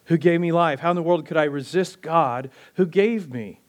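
A male pastor preaching a sermon in a conversational style, firing rhetorical questions and dropping low and slow on key phrases.

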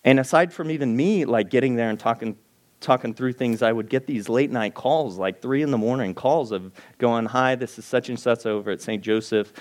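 A man's voice: medium pitch, normal speed, darkish tone. A man preaching to his congregation in an earnest, storytelling way, acting out his own prayers and often restarting his sentences. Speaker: pastor. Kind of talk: sermon. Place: church sanctuary before a congregation.

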